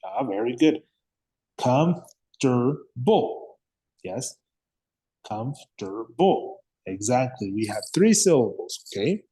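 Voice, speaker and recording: A man's voice: medium pitch, sing-song, normal speed, hardly any pauses, dark tone, slightly rough. A man teaching an English grammar lesson, patiently repeating words and checking understanding with frequent "okay?" and "yes?".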